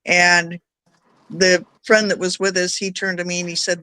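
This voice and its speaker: A woman's voice: fairly low pitch, level tone, moderate pace, sharp tone, no room sound. A woman telling anecdotes in a casual podcast chat. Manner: chatty, anecdotal.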